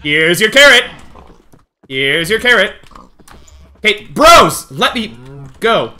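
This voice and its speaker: A man streaming a game live, talking excitedly to his chat and coaxing the animals along, often shouting and laughing. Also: high-pitched, slow pace. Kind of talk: excited live gameplay commentary.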